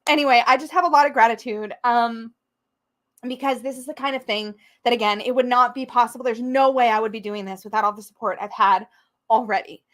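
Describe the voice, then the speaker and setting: A woman hosting a livestream, excited and emotional, close to tears and laughing often. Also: a little high, fairly quick. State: tearful. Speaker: tarot channel host. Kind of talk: livestream chat.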